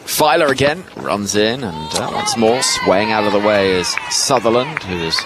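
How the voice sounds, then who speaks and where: A man giving ball-by-ball cricket commentary from a ground's commentary box, lively and rising with each delivery. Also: fairly low pitch, normal speed, over a noisy crowd. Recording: broadcast with loud ground noise behind.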